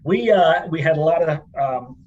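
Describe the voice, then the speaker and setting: A man's voice: fairly high pitch, lively intonation, normal speed, darkish tone, husky, muffled recording. A middle-aged man co-hosting a podcast from an office conference room, chatty and joking in casual chat. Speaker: podcast co-host. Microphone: laptop mic.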